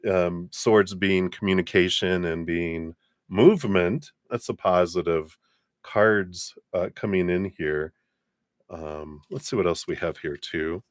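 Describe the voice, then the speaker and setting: A man giving tarot readings on a live stream, relaxed and chatty, with many fillers and warm blessings to viewers. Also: sits low, takes it slowly, no echo. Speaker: tarot reader.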